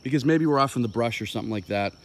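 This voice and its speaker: A man's voice: mid-range voice, very fast. A man, a dog trainer, explaining his methods in a loose, impromptu way on an outdoor walk, thinking aloud with plenty of fillers.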